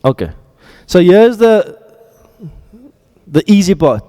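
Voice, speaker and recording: A man's voice: high voice, sing-song, slow, mellow, in a large hall. Joking, quizzing male Arabic teacher. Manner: quizzing students, joking asides. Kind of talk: classroom lecture with drills. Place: classroom.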